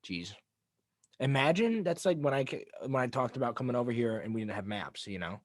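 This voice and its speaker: A man's voice: medium pitch, lively intonation, brisk, no echo, studio quality. Rambling man on a podcast. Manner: rambling, self-mocking, trails off. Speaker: podcast co-host. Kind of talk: casual chat.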